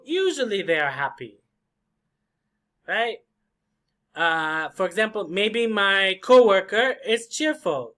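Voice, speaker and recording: A man teaching English vocabulary and pronunciation, repeating each word slowly for drilling. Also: high voice, pushed and bright. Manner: acts out short example conversations.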